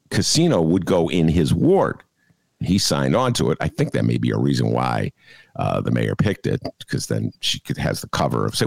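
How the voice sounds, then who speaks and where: A man's voice: low voice, gravelly, dry recording. A middle-aged man from Chicago hosting a talk show, delivering a casual, sarcastic opinion monologue with folksy asides to his listeners. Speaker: radio show host.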